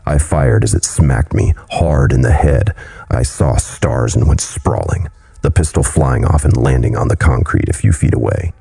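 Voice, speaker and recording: Very deep gravelly horror narrator. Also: male voice, moderate pace, dark tone. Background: faint music.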